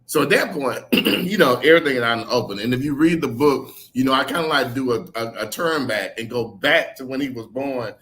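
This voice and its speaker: A man's voice: medium pitch, fairly quick. A middle-aged man, an author being interviewed, telling personal stories frankly and acting out other people's words as he goes. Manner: frank and animated, acts out others' words, swears casually, laughs. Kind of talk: candid conversational storytelling.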